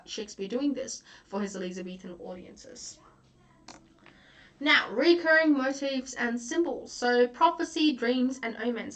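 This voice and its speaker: A woman's voice: a little high, a bit bright, far from the mic. A woman tutor giving a recorded exam-prep lecture, chatty and full of fillers and restarts.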